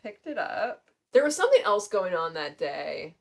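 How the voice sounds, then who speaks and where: A woman co-hosting a podcast, chatting casually and telling animated stories full of "like", laughing as she goes. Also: mid-range voice, normal speed, vocal fry. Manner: animated storytelling, laughing and tearful; many "like" fillers. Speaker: podcast co-host. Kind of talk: casual chat.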